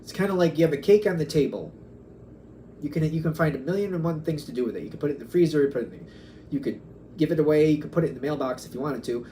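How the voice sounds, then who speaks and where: Musing man giving a mellow tarot reading. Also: on the high side, fast, a little hiss or hum. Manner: musing, wandering, acts out quoted back-and-forth exchanges. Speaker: tarot reader.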